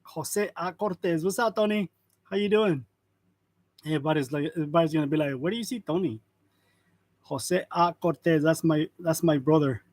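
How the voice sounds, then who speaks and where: A man's voice: fairly high pitch, normal speed, a little mellow, no room sound. A man in his forties hosting a casual live stream, greeting viewers by name and chuckling often between remarks. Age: 40s. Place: print shop. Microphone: wireless lavalier.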